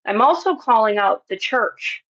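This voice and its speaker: A woman's voice: a little high, lively intonation, a little slow, a bit bright, dull audio. A woman hosting her spiritual channel, giving an impassioned, preachy monologue to viewers and repeating phrases for emphasis. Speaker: spiritual channel and show host.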